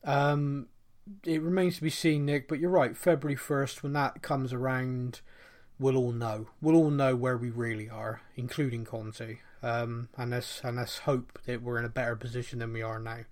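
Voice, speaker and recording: A man's voice: medium pitch, flat delivery, moderate pace, darkish tone. Laughing Bristolian man hosting a chat. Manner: reads listener questions aloud, laughs often, self-deprecating. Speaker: podcast host. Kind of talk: casual podcast chat.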